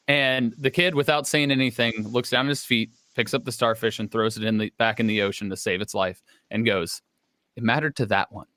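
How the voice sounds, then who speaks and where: A man co-hosting a charity livestream, telling a story in a calm, earnest, steady way. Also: mid-range voice, brisk, no echo. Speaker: livestream co-host.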